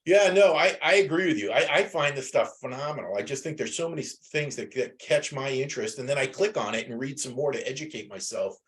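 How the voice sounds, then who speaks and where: A man's voice: mid-range voice, fast talker, few pauses, a bit bright. Rambling male teacher on a class call. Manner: rambling, many restarts and fillers. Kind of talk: casual classroom talk. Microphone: video call.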